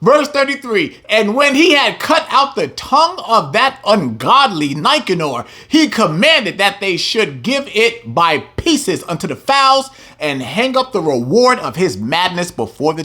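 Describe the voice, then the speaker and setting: High, animated male preacher. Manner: animated, emphatic, swings between reading and loud preaching. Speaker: religious teacher. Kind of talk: reading scripture with heated commentary.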